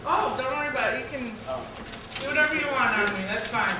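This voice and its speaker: A woman emceeing an open mic comedy night, announcing acts in an upbeat, drawn-out way. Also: sits high, background noise. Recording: echoey club recorded from far off.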